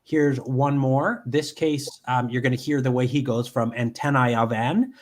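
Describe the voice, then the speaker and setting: A man giving a live software demonstration from home, explaining step by step with frequent ums and restarts. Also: medium pitch, fairly even intonation, moderate pace.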